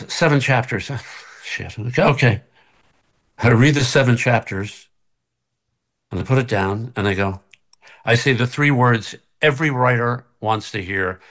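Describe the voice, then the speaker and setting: Speaking from his kitchen at home, an older actor shares a relaxed story as a video-call guest. His voice sits lowish with a slight brightness, and he laughs a lot while imitating the voices he quotes.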